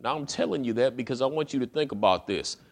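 A man's voice: medium pitch, animated, quick pace, creaky. A male pastor preaching a sermon in a folksy, conversational way, often repeating words as he builds his point.

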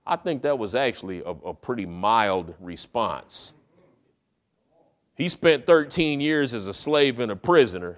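A man's voice: medium pitch, animated, normal speed. A middle-aged male preacher retelling a story in a casual, conversational way, acting out the characters' lines. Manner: casual retelling with acted-out quotes. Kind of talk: storytelling sermon.

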